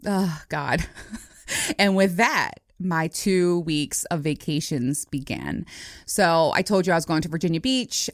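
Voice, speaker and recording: A woman's voice: lowish voice, no room sound, clean studio sound. A woman in her forties hosting a podcast, telling stories in a casual, profane way and laughing often. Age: 40s. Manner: laughing, profane, animated storytelling. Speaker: podcast host. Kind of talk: casual solo storytelling.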